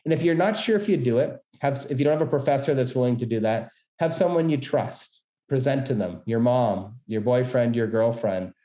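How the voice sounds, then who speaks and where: A middle-aged man, a business school dean, giving an energetic, quick-paced webinar talk on presenting. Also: mid-range voice. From Canada. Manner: fast, energetic talker with many quick asides. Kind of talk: presentation tips lecture. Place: room, webinar. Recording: roomy echo.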